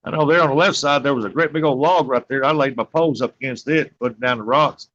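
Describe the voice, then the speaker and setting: A man's voice: medium pitch, fast, a bit bright. A man, chatting in a laid-back, drawling way over a video call. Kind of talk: casual chat. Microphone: phone on a video call. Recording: muffled video-call line.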